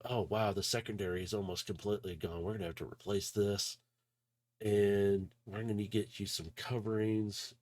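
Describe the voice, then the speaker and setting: A man's voice: lowish voice, flat delivery, moderate pace, darkish tone, lightly acted. A man playing a laid-back robot mechanic. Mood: casual, focused. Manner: casual, says "dude". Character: wary, laid-back male robot fixing a bot.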